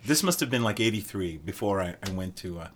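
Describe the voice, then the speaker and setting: An older man tells stories with a lively voice that leaps up and down, and his tone is bright and forceful. He slips into laughter as he talks and jumps between voices in his tales. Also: low voice, fast, a little hiss or hum. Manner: animated storyteller, bursts into laughter. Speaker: guest drummer. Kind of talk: casual podcast storytelling.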